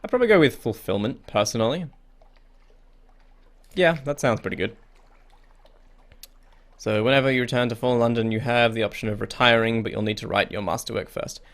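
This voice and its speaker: A man's voice: mid-range voice, brisk, pauses often, fairly bright tone. A young man hosting a casual let's play, reading the game's text aloud and reacting in a chatty way. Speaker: gaming video host. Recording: faint game music behind.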